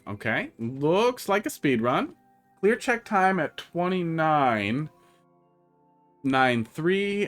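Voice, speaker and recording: Speaking at medium pitch with a somewhat bright tone, a Wisconsin-accented man offers easygoing live-stream commentary as he plays and chats with viewers.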